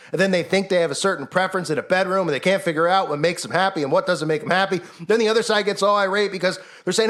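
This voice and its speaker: A man's voice: high voice, fairly bright tone. A man giving impassioned, sarcastic commentary and mimicking the people he mocks. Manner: fervent, sarcastic, mimics mocking voices. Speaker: online commentator.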